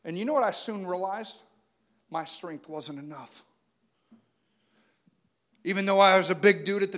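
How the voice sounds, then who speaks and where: High-voiced preacher, loud then hushed. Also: male voice. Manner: dynamic preaching, swinging from loud urging to hushed intimacy. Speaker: pastor. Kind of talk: sermon.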